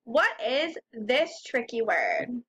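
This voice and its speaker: Casting: woman teacher for a young children's reading lesson, high pitched, unhurried, sounds out each letter patiently. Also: huge pitch swings, fairly bright tone, slightly rough.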